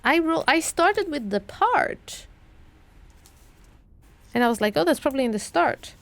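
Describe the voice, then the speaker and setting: Slow, musing British woman streamer. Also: high voice, very animated, no echo. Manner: muttering, puzzling things out slowly, repeating clues. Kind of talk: thinking aloud while playing a puzzle game.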